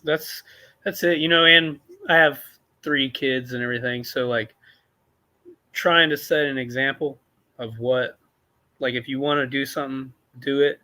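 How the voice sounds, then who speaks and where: A man's voice: medium pitch, fairly even intonation, normal speed, bright, forceful tone. A man from Arkansas, a podcast guest talking in a laid-back, casual way, full of "you know"s. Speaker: podcast guest, jiu-jitsu competitor. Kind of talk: casual conversation.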